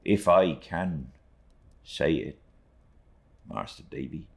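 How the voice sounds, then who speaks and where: A man's voice: very deep voice, creaky, heavily acted. A man voicing Ham, a heartbroken young fisherman. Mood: grieving. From Britain. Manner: rustic dialect speech, halting and plain. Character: young male fisherman, humble, heartbroken, earnest.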